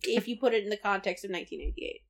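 A woman recapping a TV episode in casual chat, sarcastic and profane, retelling scenes with animated voices. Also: mid-range voice, racing, creaky. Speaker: podcast co-host.

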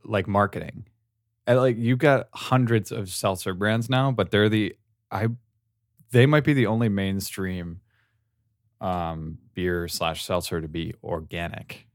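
A man's voice: fairly low pitch, unhurried, dry recording, studio quality. A man co-hosting a podcast, rambling through a casual chat with his friends. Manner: rambling and animated. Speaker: podcast co-host.

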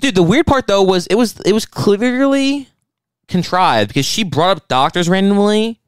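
A young man co-hosting a podcast in casual banter, animated and swearing, acting out what people said. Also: high-pitched, moderate pace, clear, resonant tone, dry recording, clean studio sound. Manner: animated, swearing, acts out quotes. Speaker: podcast co-host.

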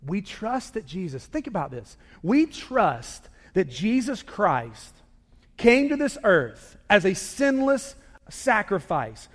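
A man preaching a sermon indoors, moving between hushed, intimate lines and loud, emphatic ones. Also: sits high, big pitch swings, slow pace. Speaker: pastor. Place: indoor worship hall. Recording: reverberant hall.

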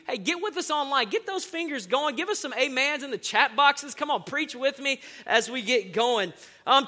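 High, bright, jokey male preacher. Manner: lively, jokey, calls on the crowd for amens. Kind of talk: sermon.

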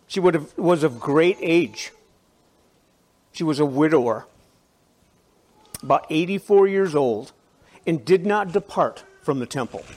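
A man preaching to a biker church congregation, conversational and animated, with restarts and asides. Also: a little high. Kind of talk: sermon.

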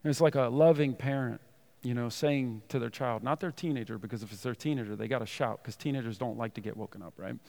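Pastor guy preaching, bit of gravel in his voice, reads scripture big then goes soft and tender. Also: mid-range voice, fast talker. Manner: earnest preaching, reading scripture loudly then dropping to soft tender tones. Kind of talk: sermon.

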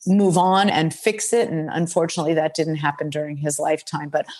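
An older woman, a former football executive, appears as a guest in an interview conversation. She speaks fairly quickly in a low, darkish, flat voice, bluntly and frankly recounting her career in a forthright storytelling style.

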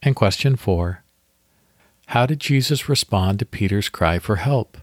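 A man hosting a devotional podcast, reading scripture slowly and leading a guided meditation. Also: fairly low pitch, expressive, no room sound, studio quality.

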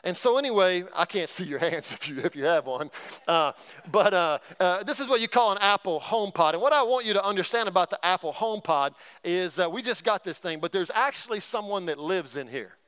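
A male pastor preaching with a high-pitched voice and constant calls to the crowd. His tone stays clear and resonant while he spins homey, joking anecdotes. The delivery is lively sermon talk. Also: fairly quick. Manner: energetic, call-and-response with the congregation; folksy storytelling with humor.

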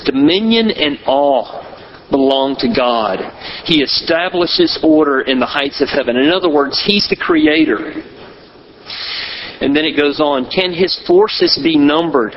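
A pastor preaching in a slow, measured way, leaning on pauses for emphasis. His voice sits a little high for a man. The recording sounds dull and lo-fi, with faint room noise. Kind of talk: sermon.

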